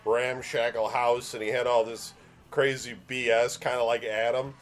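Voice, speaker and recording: A man co-hosting a casual podcast chat, recounting things in a relaxed way with many "like"s. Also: mid-range voice, moderate pace, faint music behind. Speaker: podcast co-host.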